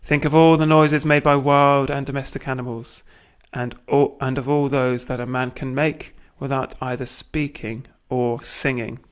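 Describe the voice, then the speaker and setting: A British man reading a manifesto aloud at a deliberate pace, breaking off for wry asides and small self-corrections. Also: mid-range voice, flat delivery, clean tone. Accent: British English. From Britain. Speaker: reader of a manifesto.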